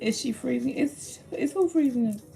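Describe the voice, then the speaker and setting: A woman's voice: high-pitched, moderate pace, gravelly, mellow, husky, faint music behind. Chatty woman host greeting viewers. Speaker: livestream host. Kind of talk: casual livestream chat.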